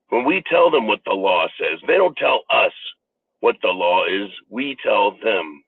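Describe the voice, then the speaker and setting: A man's voice: fairly low pitch, lively intonation, moderate pace, vocal fry, breathy edge, no room sound. An American man giving a political commentary monologue, emphatic and profane, ranting as the host. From United States. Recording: phone-like narrow band.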